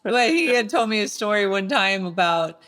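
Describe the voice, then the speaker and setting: A woman co-hosting a casual podcast speaks at a mid pitch. She tells stories in a loose, chatty way and laughs easily between thoughts. Her delivery stays conversational and unforced. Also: lively intonation, normal speed, a bit bright. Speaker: podcast co-host. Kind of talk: casual interview talk.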